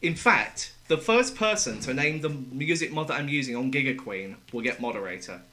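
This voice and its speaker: A man's voice: mid-range voice, animated, moderate pace, bright, forceful tone, a little hiss or hum. A man chatting casually with his viewers while gaming live, joking and laughing often. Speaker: streamer.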